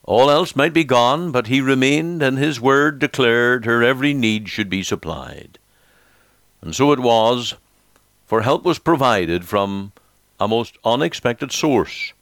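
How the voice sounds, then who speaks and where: A male pastor preaching a radio sermon, dramatic with rising questions and slowed emphasis. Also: medium pitch, lively intonation, fairly bright tone, no room sound.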